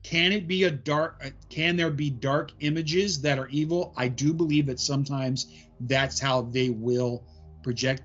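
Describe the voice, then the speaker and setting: A man talking as a guest on a casual podcast, his voice sitting slightly high. He wanders through his points with plenty of "um" fillers. The recording is dull and lo-fi, with faint music underneath. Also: fairly bright tone. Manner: rambling explanations full of "um" fillers. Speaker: paranormal investigator guest.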